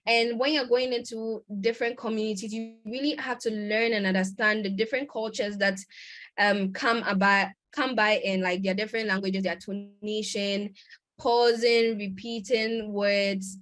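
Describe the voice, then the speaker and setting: A woman presents a conference lecture over a video call, talking at a middle pitch. She explains things patiently, with frequent pauses and self-corrections. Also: fairly even intonation, a bit bright. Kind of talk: lecture on research methods.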